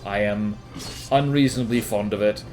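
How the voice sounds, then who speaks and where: A man's voice: fairly low pitch, moderate pace, a little mellow, faint music behind. A man from New Zealand with a New Zealand accent, giving rambling, self-mocking commentary over his gameplay. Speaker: gaming commentator.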